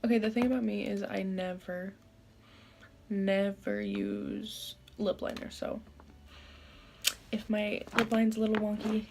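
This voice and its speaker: A young woman casually chatting through a makeup tutorial as a beauty vlogger, candid and quick to exclaim. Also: medium pitch, level tone, creaky, noisy background.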